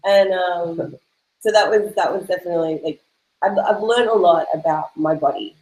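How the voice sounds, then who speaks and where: A woman's voice: fairly low pitch, normal speed, a little mellow, echoey room, rough recording. A woman speaking in a casual question-and-answer chat, earnest and searching for words, laughing at herself now and then. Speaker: host's girlfriend, guest.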